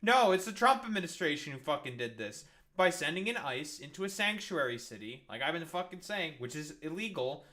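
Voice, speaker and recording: A man's voice: on the high side, big pitch swings, brisk, hardly any pauses, bright, forceful tone. A man ranting over news clips, angry, profane and sarcastic. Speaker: streamer reacting to news clips.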